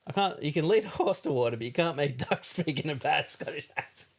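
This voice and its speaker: A man's voice: animated, brisk, a little hiss or hum. A man co-hosting a casual chat, reading game box blurbs in silly voices and laughing often. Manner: playful, laughs often, drops into a low movie-trailer voice. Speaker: co-host.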